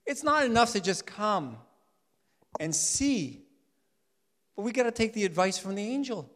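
A male pastor preaching a sermon, swinging from loud declarations to soft, quiet urging. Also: high-pitched, sing-song, a little slow. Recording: long hall reverb.

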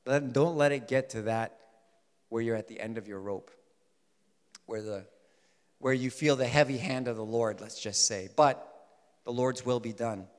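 A man preaching a sermon in an animated way, swinging between loud emphasis and soft asides. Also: mid-range voice, normal speed, pauses often. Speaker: pastor. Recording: long hall reverb.

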